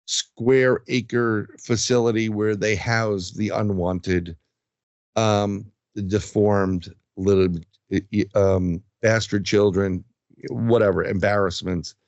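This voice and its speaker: A man's voice: lowish voice, takes it slowly, no room sound, lo-fi sound. A man who investigates the paranormal, telling his experiences in a casual interview and acting out what others said. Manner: animated storyteller, acts out quotes.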